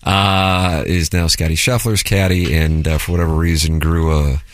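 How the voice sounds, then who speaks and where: A man hosting a sports radio show, telling relaxed stories in casual banter. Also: low voice, normal speed, no echo.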